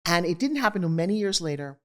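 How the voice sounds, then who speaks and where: Middle-aged woman, slightly low voice, candid and animated interview storyteller. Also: racing. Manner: animated, acts out quoted voices. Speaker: guest.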